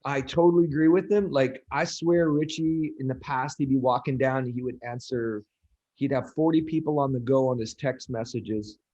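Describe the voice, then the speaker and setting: A man, a coach, chats on a podcast in a mid-pitched voice. He tells lively stories, stops and restarts a lot, and packs his speech with fillers. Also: normal speed, dull audio. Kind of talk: podcast conversation.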